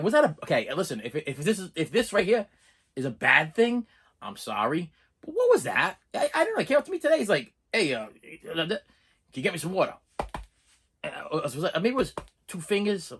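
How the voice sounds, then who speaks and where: A man in his forties giving a rambling, excitable DVD review to camera, stammering and repeating himself. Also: medium pitch, breathy edge. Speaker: movie reviewer.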